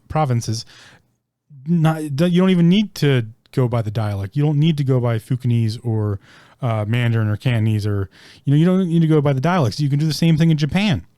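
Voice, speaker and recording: A man's voice: mid-range voice, brisk, dark tone, dry recording, studio quality. A man hosting a solo podcast, rambling with many ums and restarts, casually swearing as he searches for words. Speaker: podcast host.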